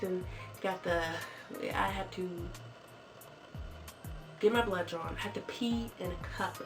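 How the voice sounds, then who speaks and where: A woman in her twenties telling a story casually and jokingly on a vlog, jumping into squeaky high voices when she quotes people. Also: takes it slowly, long pauses. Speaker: vlogger. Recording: far from the mic with clear background music.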